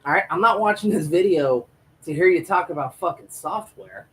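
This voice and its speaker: A man's voice: high-pitched, moderate pace, a bit bright, slight background noise, low-quality recording. A man hosting a live stream review of a TV episode, ranting and rambling in a casual, profane way into a home microphone.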